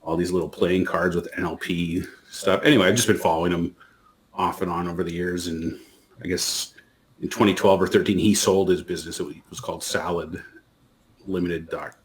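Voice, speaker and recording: A man's voice: low voice, steady tone, normal speed. A man co-hosting a podcast, chatting casually and rambling through a story with lots of restarts. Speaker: podcast co-host. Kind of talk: casual chat.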